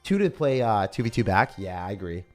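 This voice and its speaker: A man with a low, slightly hoarse morning voice talks casually through a live game stream. He mixes play-by-play calls with chatty replies to viewers, while faint music plays underneath. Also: sing-song, brisk, a little mellow. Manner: casual, chatty, reads viewer comments aloud. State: rough morning voice. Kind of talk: live gameplay commentary and chat reading.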